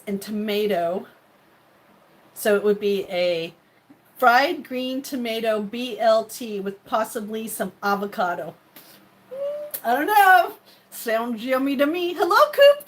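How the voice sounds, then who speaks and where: Chatty woman live-streaming her cooking. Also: a little high. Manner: chatty, greets viewers by name, laughs often. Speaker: livestreaming cooking vlogger. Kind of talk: casual live-stream chat while cooking.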